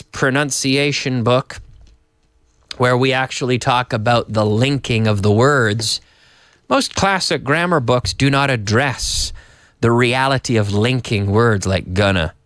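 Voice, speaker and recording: A man, a native English speaker, teaching an English lesson live and reading viewer messages aloud with animated energy. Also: mid-range voice, no room sound, clean studio sound. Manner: lively, animated, reads viewer comments aloud. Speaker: English teacher and radio host.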